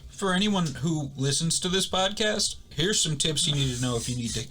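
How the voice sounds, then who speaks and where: Bright, rambling young man on a podcast. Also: on the high side, expressive, a little hiss or hum. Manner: rambling, quick asides, acts out quotes. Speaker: podcast co-host. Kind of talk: casual chat.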